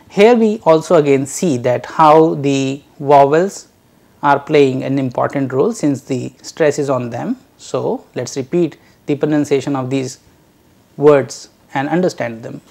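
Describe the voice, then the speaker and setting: A man teaching a recorded language lecture, drilling syllables and words slowly and carefully, addressing dear learners. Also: medium pitch, gravelly, darkish tone.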